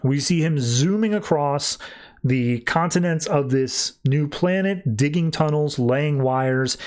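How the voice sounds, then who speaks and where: A podcast host with a slightly high, mellow voice speaks slowly as he casually recaps a comic book issue. He's chatty and leans heavily on "like" while retelling the plot.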